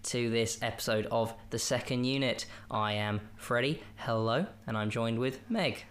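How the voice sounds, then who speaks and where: Bright and mid-range, a man's voice keeps a moderate pace as he hosts a podcast. His casual film review wanders, full of jokes that seem to entertain him most of all.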